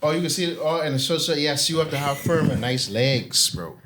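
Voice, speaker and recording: A man's voice: a little high, animated, brisk, a bit bright, slight background noise. A man co-hosting a casual podcast, cracking jokes and tossing in playful asides. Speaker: podcast co-host.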